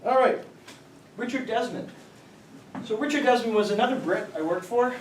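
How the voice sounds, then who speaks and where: A man's voice: very high-pitched, moderate pace. A middle-aged man giving an informal lecture to students, telling rambling stories and quizzing the audience. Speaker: guest speaker, company founder. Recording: roomy, distant mic, faint noise.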